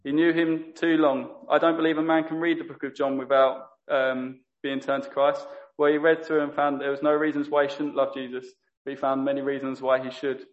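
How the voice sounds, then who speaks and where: A man's voice: mid-range voice, little pitch movement, fairly quick, lo-fi sound. A man preaching a sermon in an earnest manner, often stopping to correct himself. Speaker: lay preacher.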